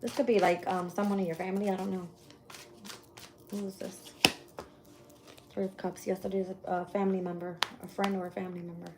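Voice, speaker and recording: A woman's voice: on the low side, level tone, fairly quick, long pauses, background noise. A woman doing a casual live-stream tarot reading, blunt and swearing freely as she thinks aloud and names each card she draws. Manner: shuffles and names cards aloud. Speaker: tarot reader.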